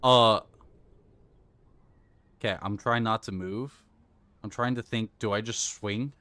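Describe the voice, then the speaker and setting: A man's voice: fairly low pitch, takes it slowly, no room sound. A man streaming live gameplay, talking himself through each move and flaring into swearing rage between laughs. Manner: excitable, swears and rages, coaches himself aloud.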